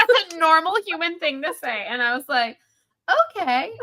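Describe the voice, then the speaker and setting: A woman's voice: high voice, very animated, unhurried, bright, forceful tone. A woman co-hosting a podcast, reviewing a movie in casual chat, sarcastic and acting out characters' lines. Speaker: podcast co-host.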